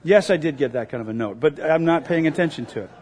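A man's voice: on the high side, lively intonation, fast, darkish tone. A male pastor preaching a sermon in an earnest, emphatic way, repeating key phrases.

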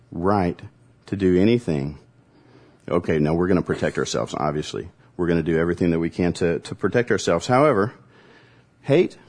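A man preaching a conversational sermon, teaching with dramatic pauses and reading scripture aloud. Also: sits low, a little mellow. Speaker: pastor.

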